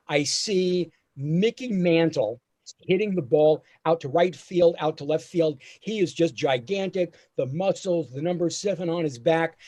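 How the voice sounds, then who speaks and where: A man doing a storytelling stand-up set over a video call, acting out his father's lines. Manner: animated, acts out his father's lines in a higher voice. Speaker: stand-up comedian.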